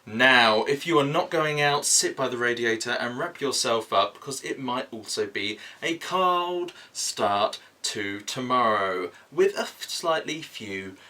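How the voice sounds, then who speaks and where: A man's voice: medium pitch, animated, measured pace, few pauses, bright, forceful tone. A man putting on a self-important weatherman who reads the forecast in a stiff, overly formal announcer voice. The voice sounds a little distant from the mic. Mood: earnest. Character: pompous male TV weatherman.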